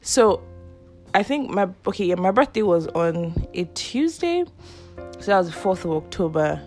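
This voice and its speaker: A woman's voice: fairly low pitch, sing-song, moderate pace, a little mellow, faint music behind. A young woman, hosting a podcast and telling a personal story casually, laughing often. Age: 20s. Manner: chatty, laughs often, acts out quoted voices. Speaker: podcast host.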